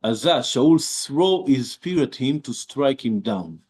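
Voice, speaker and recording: Brief: male rabbi, mid-pitched, informal class, hesitant explaining style. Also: expressive, a little mellow, breathy edge. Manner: halting, with many restarts and fillers, reads verses aloud. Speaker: rabbi teaching a Bible class. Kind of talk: informal Bible lesson.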